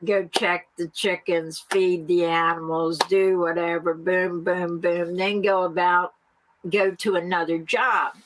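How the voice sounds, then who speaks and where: A woman's voice: lowish voice, flat delivery, background noise. A middle-aged woman farmer from the United States, chatting as an interview guest and laughing often as she talks. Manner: slow, laughs often while talking. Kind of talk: casual interview talk.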